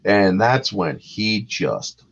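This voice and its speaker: A man's voice: fairly low pitch, expressive, extremely slow, gravelly. A man hosting a casual chat about movies, rambling and retelling scenes with acted-out lines. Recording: dull lo-fi sound.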